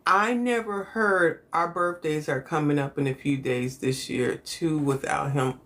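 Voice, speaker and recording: A woman's voice: low-pitched, a little slow, few pauses, a bit bright. Middle-aged woman chatting on a livestream. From Chicago, United States. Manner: chatty, rambling, greets viewers mid-story. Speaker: host of a livestream. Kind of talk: casual storytelling on a livestream.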